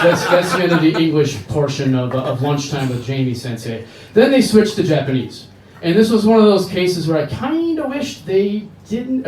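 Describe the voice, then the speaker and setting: A slightly high-pitched American man with a faint hiss or hum behind him performs a stand-up set on a bar comedy stage. His crude, rambling stories jump quickly between voices. The bar is echoey and the mic picks him up from a distance.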